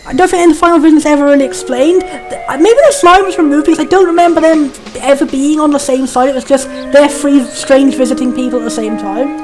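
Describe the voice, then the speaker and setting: With game music in the background, a woman hosting a let's play talks fast in a high voice. Her commentary is casual and chatty as she measures the game against other versions.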